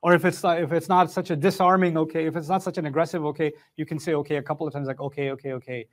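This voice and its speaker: A man giving a religious lecture on the Quran, explaining points in an animated, emphatic way. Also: on the high side, very fast.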